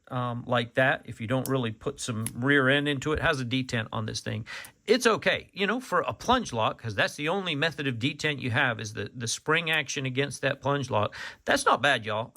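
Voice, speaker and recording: Folksy gravelly man reviewing knives. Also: medium pitch, bright, forceful tone. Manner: folksy, rambling, says "y'all". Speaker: knife reviewer. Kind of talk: casual product review.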